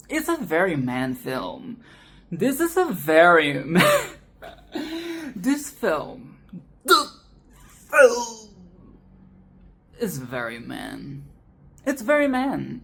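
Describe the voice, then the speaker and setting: A woman giving a casual, animated film commentary, swearing, laughing and repeating phrases for emphasis. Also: lowish voice. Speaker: film review vlogger.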